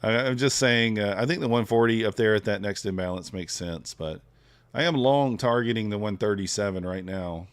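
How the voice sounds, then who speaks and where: A man's voice: fairly low pitch, normal speed, clear, resonant tone. A man trading live on a stream, thinking aloud in a laid-back, casual way and chatting with his viewers. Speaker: futures trader streaming live.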